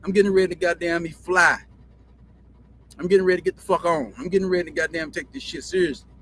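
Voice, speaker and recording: A man with a Southern country drawl hosts his own show, telling stories in a rambling, profane monologue and repeating himself. His voice is high, steady, fairly bright, and quick, with slight background noise.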